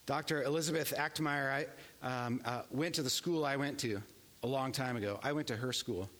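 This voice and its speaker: A man preaching a sermon, earnest and emphatic, swinging between hushed and raised passages. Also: mid-range voice, fairly quick, long reverb tail. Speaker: pastor.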